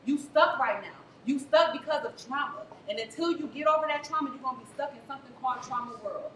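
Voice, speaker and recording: A woman's voice: high voice, fast talker. A woman therapist, giving an emphatic, preachy motivational talk to a live audience. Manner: preachy, emphatic, faith-infused encouragement. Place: event venue before a crowd. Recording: echoey room from far off, faint noise.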